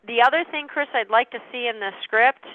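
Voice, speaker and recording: A woman's voice: fairly high pitch, a little fast, dry recording. A woman coaching a sales team on a call, matter-of-fact and often checking in with "okay?". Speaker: sales trainer. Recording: tinny phone-line call.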